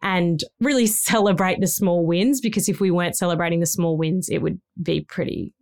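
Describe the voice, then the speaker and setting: A woman's voice: lowish voice, a little fast, creaky, a little mellow. A woman, co-hosting a podcast and talking candidly about life with three young children. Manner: frank, rambling, with self-deprecating laughs. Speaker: podcast co-host, mother of three.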